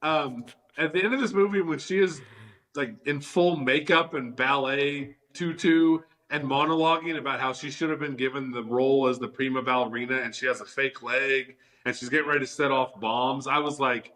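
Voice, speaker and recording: A man's voice: medium pitch, moderate pace. A man co-hosting a casual movie review chat, talking with enthusiasm and leaning on "like" as a filler. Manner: enthusiastic, animated, leans on "like". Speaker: podcast co-host.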